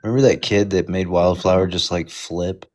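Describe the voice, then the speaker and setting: Man co-host, very low voice, chatty, laughs easily. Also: little pitch movement, a loud crowd. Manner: quick, chatty, breaks into laughter. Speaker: livestream co-host. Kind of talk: casual livestream chat.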